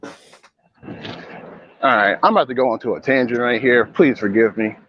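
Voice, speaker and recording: A man co-hosting a casual podcast, telling an animated, profane story and roasting a stranger between laughs. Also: medium pitch, moderate pace, no room sound. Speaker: podcast co-host. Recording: dull lo-fi sound.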